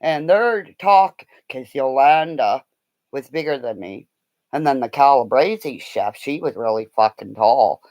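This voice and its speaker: A woman rambles through a personal story, her pitch swinging widely as she goes. She laughs often and breaks into loud acted quotes. The sound is dry and close. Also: no room sound. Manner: rambling, animated, bursts into loud shouted quotes. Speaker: vlogger telling a story.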